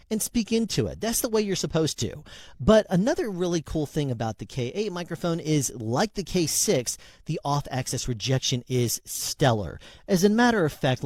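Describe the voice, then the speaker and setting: A man's voice: medium pitch, darkish tone, dry recording. A man casually reviewing and demonstrating a handheld dynamic microphone in a small room at home, talking close into it. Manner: conversational, demonstrating into different mics. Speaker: product reviewer.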